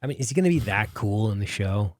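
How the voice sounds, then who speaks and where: Joking low-voiced man on a podcast. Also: expressive, quick pace, darkish tone, no room sound, clean studio sound. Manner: joking, sarcastic, swears freely. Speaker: podcast co-host. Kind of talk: casual chat.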